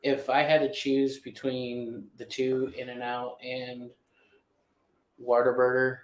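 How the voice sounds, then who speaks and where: A man's voice: medium pitch, monotone, takes it slowly. A man hosting a casual live-stream chat, hesitant and often restarting his phrases. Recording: roomy echo.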